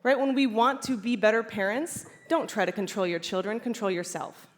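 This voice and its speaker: A chiropractor speaking at a conference before a live audience, animated and laughing often as she acts out inner voices. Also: a little high, normal speed. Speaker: chiropractor giving a conference talk. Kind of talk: lively conference talk.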